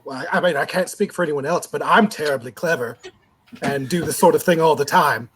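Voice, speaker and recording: A man's voice: on the high side, a little fast, fairly bright tone, slight background noise. A man playing a tabletop game, speaking in character in a haughty, condescending way. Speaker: player.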